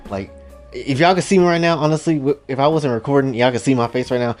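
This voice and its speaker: A man casually retelling his own story, animated and joking, with profane asides to his listeners. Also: mid-range voice, fairly quick, faint music behind.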